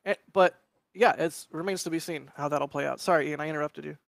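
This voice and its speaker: A man's voice: on the high side, a little fast, gravelly, dry recording. A man co-hosting a live show in casual chat, thinking aloud in a tentative way. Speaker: co-host, photographer.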